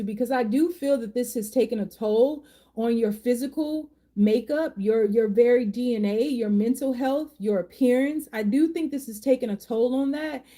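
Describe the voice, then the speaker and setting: A woman's voice: on the high side, dark tone. A woman giving a live tarot reading, emotional and emphatic, chatting with viewers. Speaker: tarot reader and life coach.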